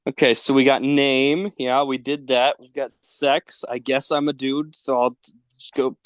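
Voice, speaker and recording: Young male podcast guest, easygoing, quick to laugh, dry close sound. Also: mid-range voice, fairly even intonation, clean tone, dry recording. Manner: laughs often, self-deprecating. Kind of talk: casual chat. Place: parents' house.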